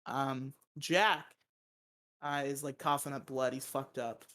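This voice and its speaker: A man's voice: mid-range voice, fairly even intonation, slow, a bit bright. A man hosting a casual movie review podcast, who laughs a lot and swears freely as he recaps the plot. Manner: laughs often, swears casually, acts out quotes. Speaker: podcast host.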